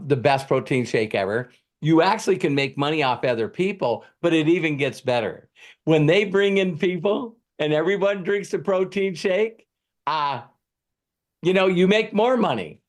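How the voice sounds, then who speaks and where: A man voicing a pushy male salesman who makes an overeager pitch. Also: animated, moderate pace, natural voice. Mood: hyping.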